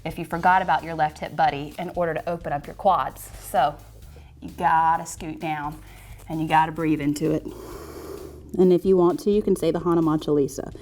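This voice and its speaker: A woman's voice: low voice, fairly even intonation, brisk, darkish tone, faint music behind. A woman leading a yoga class, chatting and joking playfully as she guides the poses. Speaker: yoga instructor.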